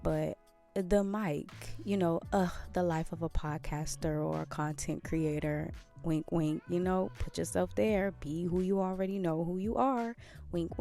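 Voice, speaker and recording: A woman's voice: low-pitched, gravelly, warm tone. A woman hosting a podcast, talking earnestly in a casual motivational monologue and repeating phrases for emphasis. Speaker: podcast host.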